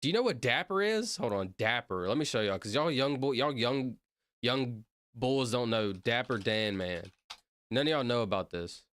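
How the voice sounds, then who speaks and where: This excitable guy from the Southern United States streams himself reacting to videos, offering casual, rambling commentary punctuated by sudden shouted outbursts. His pitch is lively, his pace moderate, and there's no echo.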